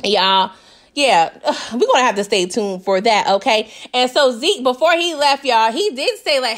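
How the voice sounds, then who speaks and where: A woman casually recapping a TV episode. She talks in an animated way, laughs often and keeps asking her listeners "okay?". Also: on the high side, a little slow. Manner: slips into voices when quoting characters. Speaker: TV recap vlogger.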